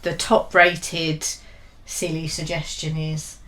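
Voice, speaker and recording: A woman with a fairly low voice co-hosts a podcast in relaxed conversation. She thinks aloud as she goes, often dropping into quiet, trailing asides. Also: takes it slowly. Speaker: podcast co-host and storyteller. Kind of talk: casual chat.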